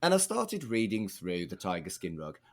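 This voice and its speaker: A man hosting a podcast and telling stories in a relaxed, chatty way, swearing now and then. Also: sits low, moderate pace. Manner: lively storytelling, swears casually. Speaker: podcast host. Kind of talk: casual podcast chat.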